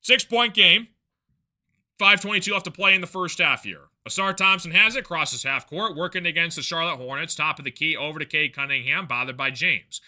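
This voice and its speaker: A man calls a basketball game live for his stream, rattling off plays in quick bursts and breaking into easygoing chat with viewers. His voice sits a little high and sounds bright and ringing. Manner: rapid game calls mixed with casual chatty asides. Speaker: play-by-play streamer. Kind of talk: live play-by-play reaction commentary.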